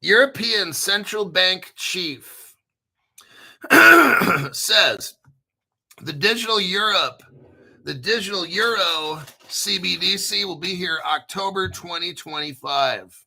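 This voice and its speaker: An American man hosting a casual commentary, brash and profane, joking around and often clearing his throat. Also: sits high, lively intonation, slow pace, sharp tone. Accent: General American. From United States. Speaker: crypto video host. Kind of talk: casual commentary reading articles.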